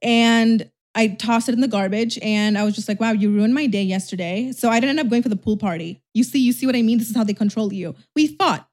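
A young woman influencer telling a storytime vlog, chatty and animated, with lots of "like". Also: fairly high pitch, fast, few pauses.

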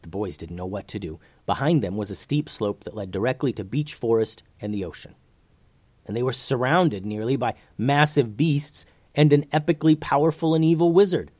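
A man narrating a children's fantasy story in an expressive, animated way. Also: mid-range voice, moderate pace, no room sound.

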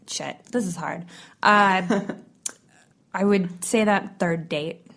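A woman's voice: on the low side, slow pace, vocal fry, fairly bright tone. Woman, podcast co-host, casual comedic chat, laughs a lot, self-deprecating.

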